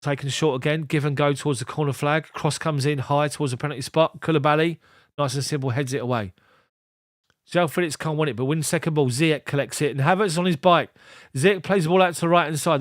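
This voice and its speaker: A man's voice: a little high, a bit bright, no echo, studio quality. A man doing live ball-by-ball match commentary as a fan streamer, giving clipped play calls broken up by chatty asides.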